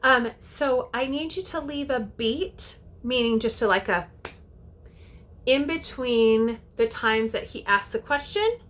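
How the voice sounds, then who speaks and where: A woman with a slightly high voice explains audition steps as a youth theater director. She talks in a casual, chatty way and often stops to check in with a quick "okay?". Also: fairly bright tone. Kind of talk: casual instructional talk to parents and kids.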